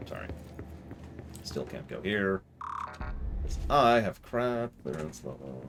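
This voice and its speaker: A man's voice: deep voice, very animated, takes it slowly, gravelly, music in the background. A man streaming a video game live, reading in-game documents aloud between joking asides. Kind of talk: live gameplay commentary.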